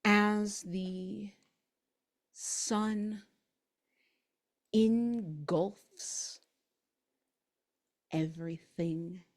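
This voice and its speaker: Slow, dramatic woman game master. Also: medium pitch, a little mellow. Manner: slow, dramatic, halting narration. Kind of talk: narrating a tabletop game.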